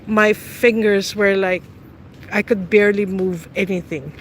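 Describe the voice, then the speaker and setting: A woman's voice: mid-range voice, steady tone, measured pace, slight background noise, poor audio. A middle-aged woman in casual, teasing chat with live viewers outdoors, laughing often. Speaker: vlogger. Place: outdoors on a city street.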